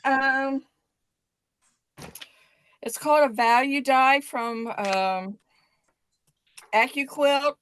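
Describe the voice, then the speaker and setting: A woman from Illinois, a guest on a livestream, talking hesitantly with many pauses and fillers. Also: high-pitched, fairly bright tone, clean tone. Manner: hesitant, many ums and uhs. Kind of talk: casual chat.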